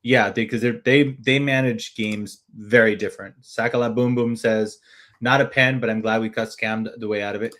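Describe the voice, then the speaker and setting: A man's voice: on the low side, steady tone, normal speed, a bit bright. A man co-hosting a sports podcast in loose, chatty talk, reading out viewer comments with restarts and casual swearing. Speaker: podcast co-host.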